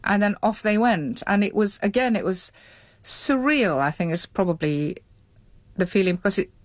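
A woman's voice: mid-range voice, lively intonation, moderate pace, dry recording. Thoughtful woman recalling her past. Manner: thoughtful, hesitant, with many restarts. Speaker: interviewee. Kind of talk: reflective recollection.

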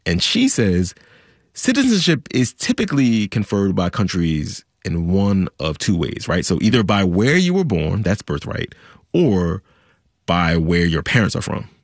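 Deep, animated male podcast host. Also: unhurried, no room sound, studio quality. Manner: animated, chatty, explanatory. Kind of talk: conversational news podcast.

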